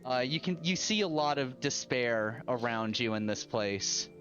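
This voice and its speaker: Man, game master narrating, slow pace, lo-fi sound, faint music behind. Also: mid-range voice, animated, a bit bright. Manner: unhurried, with many fillers and restarts.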